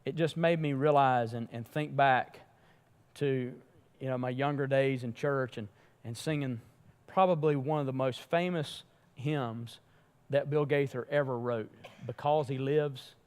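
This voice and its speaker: A man pastor preaching a sermon in a church, emphatic, rising and falling in loudness. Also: mid-range voice, a little slow, clean tone. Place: church sanctuary. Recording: long hall reverb.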